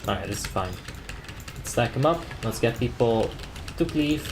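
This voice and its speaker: A man's voice: medium pitch, animated, moderate pace, noisy background. Laid-back young man streaming a raid. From Netherlands. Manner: laid-back, joking, reads chat aloud and laughs often. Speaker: game streamer. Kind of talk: casual live-stream chat and raid calling.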